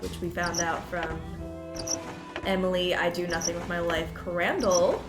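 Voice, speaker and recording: A woman's voice: fairly low pitch, measured pace. A young woman streaming a game, chatting playfully and repeating herself as she plays. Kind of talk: casual gameplay commentary. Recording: roomy sound with game music behind. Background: game music.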